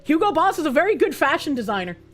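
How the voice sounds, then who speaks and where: Talking fast in a high voice, this woman streamer reads posts aloud and chats casually on her livestream. She also tells an animated story, acting out both sides, as faint music plays behind her.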